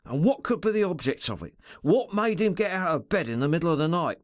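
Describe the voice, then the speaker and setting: A male reader voices a coarse, fretful henchman who argues hard with his master. His voice is a soft purr with a snarl running under it, set higher than the reader's own, in a dry, close audiobook recording. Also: expressive, fairly quick, no room sound, natural voice. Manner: argumentative, coarse common speech. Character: rough loyal male henchman, fretful and scrappy.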